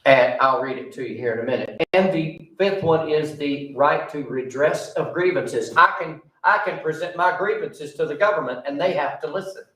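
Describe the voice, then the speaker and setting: A pastor tells a personal story with a joke thrown in during a folksy, chatty sermon in the church sanctuary. He talks at a normal speed with few pauses, his voice a little high and fairly bright, picked up roomily by a distant mic.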